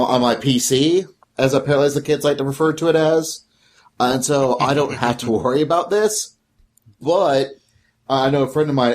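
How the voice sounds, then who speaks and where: A man chatting casually on a podcast about games, easygoing and blunt, with casual slang. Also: mid-range voice. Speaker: podcast guest.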